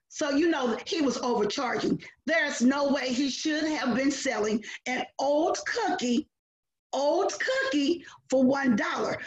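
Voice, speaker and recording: A woman teaches a children's Bible lesson in a high voice, speaking slowly and deliberately. She gets animated, acting out lines with sudden loud bursts. The recording is roomy and a little dull. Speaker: Sunday school teacher.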